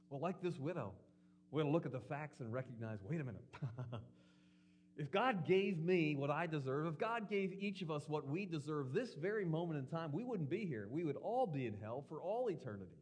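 A man's voice: on the high side, slight background noise. A man preaching a sermon in an earnest way, asking rhetorical questions and acting out quotes.

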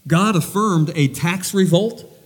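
A man's voice: high voice, slow pace. Man preaching in a reverberant hall. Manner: animated, paraphrasing scripture in plain everyday words. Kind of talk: sermon.

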